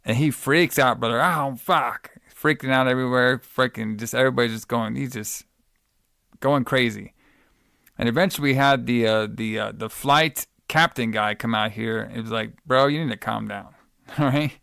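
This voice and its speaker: A man's voice: medium pitch, moderate pace, gravelly, a bit bright, clean tone, dry recording, studio quality. A man co-hosting a podcast, recapping a movie in rambling casual chat, cursing, laughing and saying bro. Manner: rambling, profane, laughs often, calls people bro. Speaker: podcast co-host.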